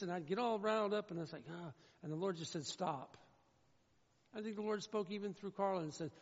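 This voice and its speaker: A man's voice: sits high, quick pace, darkish tone. A male pastor preaching a sermon in an earnest, emphatic way, repeating his key phrases. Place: church sanctuary. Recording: muffled sound in a reverberant church hall.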